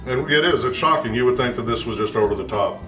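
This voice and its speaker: A man tastes a homemade dessert and describes its flavors in a slow, thoughtful casual chat. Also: medium pitch, pushed and bright. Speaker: husband tasting food. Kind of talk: casual food-tasting chat. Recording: roomy, mic at a distance, faint music.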